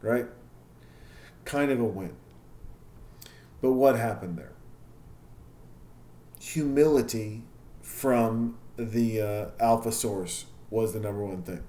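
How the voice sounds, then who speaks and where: A man's voice: lowish voice, slow, pauses often, dark tone. Male podcast host, casual confessional monologue, curses freely, echoey room. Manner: candid, self-critical, swears freely. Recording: echoey room with faint ambience.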